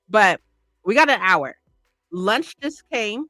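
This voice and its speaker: A woman's voice: medium pitch, animated, slow, long pauses, sharp tone, no room sound, faint music behind. A woman chatting on a livestream, rambling and gushing with lots of "like" and "right?". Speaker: streamer. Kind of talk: casual livestream chat.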